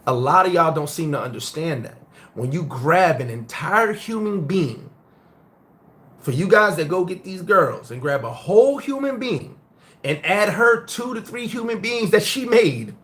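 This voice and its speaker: Man, middle-aged, from the United States, host, casual live-stream chat, blunt, profane, animated storytelling, slightly higher voice. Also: unhurried.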